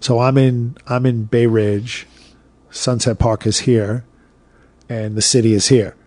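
Animated New man in his fifties, dark-toned, dry close sound, storytelling guest. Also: mid-range voice, measured pace, dry recording. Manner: animated, acts out quoted voices, swears freely. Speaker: podcast guest. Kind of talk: casual storytelling.

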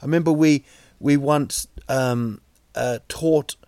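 A man hosting a podcast, delivering a rambling, wry comic monologue full of halting restarts. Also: fairly high pitch, warm tone, dry recording. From New Zealand. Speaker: podcast host.

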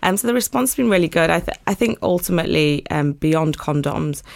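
A woman's voice: sits low, lively intonation, brisk, creaky. A young woman guest on a podcast, chatting casually and upbeat about her company, laughing now and then. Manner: upbeat, laughs often, many fillers. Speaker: podcast guest, condom brand co-founder. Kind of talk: casual interview chat.

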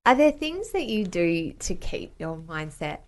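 A woman's voice: on the low side, big pitch swings, measured pace. A woman hosting a podcast, asking reflective questions in a casual interview. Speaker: podcast host.

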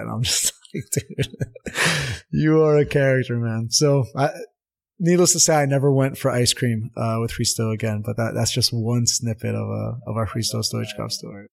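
A man, a former pro soccer player and now assistant coach, telling stories in a casual interview, animated and acting out the people he quotes. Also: medium pitch, normal speed, vocal fry. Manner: animated, laughs at his own story, acts out quotes. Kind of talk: casual storytelling in a podcast interview.

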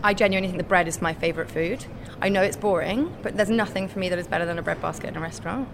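A woman's voice: on the low side, very fast, gravelly, noisy background. A young woman with a Scottish accent hosting a podcast, telling breezy, self-deprecating stories in a casual, chatty way. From Scotland. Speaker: podcast host.

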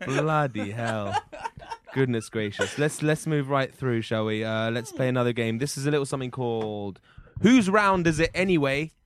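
A man's voice: medium pitch, normal speed, slight background noise. A man co-hosting a comedy podcast, playing flustered characters in improvised scenes and then introducing the next game. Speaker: podcast co-host.

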